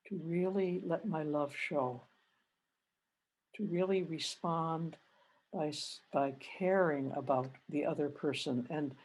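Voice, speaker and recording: Older canadian nun on a video call, low soft voice, reflective, gets lively telling stories. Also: female voice. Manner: gentle, reflective, grows animated retelling stories. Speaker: religious sister giving a retreat talk. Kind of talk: spiritual reflection with personal storytelling.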